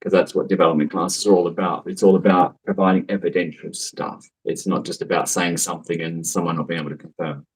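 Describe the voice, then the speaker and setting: A man's voice: low voice, fairly even intonation, quick pace, few pauses, slightly rough, low-quality recording. A man who works as a psychic medium tells a story in a casual, rambling way, full of fillers and asides. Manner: chatty, rambling, with many fillers and laughs.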